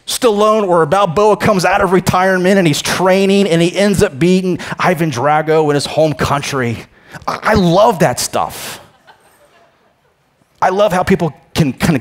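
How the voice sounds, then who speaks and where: A man preaching a sermon as pastor, emphatic, swinging between loud proclamations and quiet asides, often repeating words as he starts a phrase. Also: fairly high pitch, normal speed. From United States.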